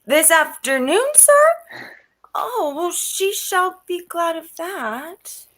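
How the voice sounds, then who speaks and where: A woman's voice: very high-pitched, sing-song, slow pace, fairly bright tone, full character voice. A woman playing a garrulous, fussing old nurse. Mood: chatty. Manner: rambling, laughing, theatrical. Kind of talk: Shakespearean stage acting over video call.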